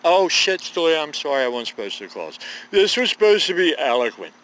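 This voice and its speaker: A man's voice: a little high, sing-song, fairly quick, fairly bright tone, poor audio. Profane rambling man in his fifties. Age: 50s. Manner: profane, digressive, folksy. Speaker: vlogger. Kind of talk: rambling monologue to camera.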